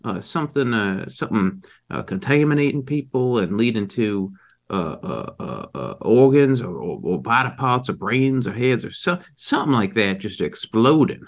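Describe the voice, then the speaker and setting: A man playing a cagey rural father questioned as a witness, speaking haltingly with many fillers and folksy turns of phrase. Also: on the low side, big pitch swings, creaky. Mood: evasive. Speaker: player character being questioned. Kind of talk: improvised tabletop role-play.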